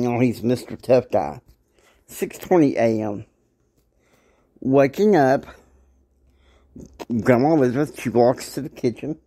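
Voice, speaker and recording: A man's voice: mid-range voice, warm tone. A man casually retelling a story in a rambling way with lots of filler words. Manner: rambling, many fillers and restarts.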